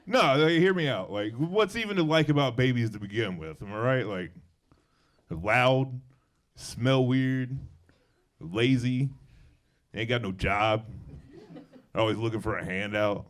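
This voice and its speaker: A man's voice: medium pitch, animated, unhurried, long pauses. Southern guy doing standup, laid back and self-deprecating, dry jokes, kinda young. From Alabama. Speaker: stand-up comedian. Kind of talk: stand-up comedy set. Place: comedy club stage.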